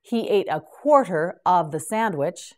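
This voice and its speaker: Slow, lilting woman teaching vocabulary. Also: on the low side, animated. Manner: carefully enunciated, repeats each word for the listener. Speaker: English teacher. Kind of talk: slow vocabulary drill for beginners.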